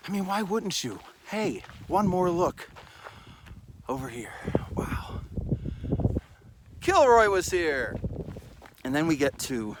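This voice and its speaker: His voice runs on the high side, with background noise around it. He's a hiking vlogger walking a desert mountain trail and talking to his handheld camera, tired and short of breath, rambling, self-deprecating, and swearing occasionally.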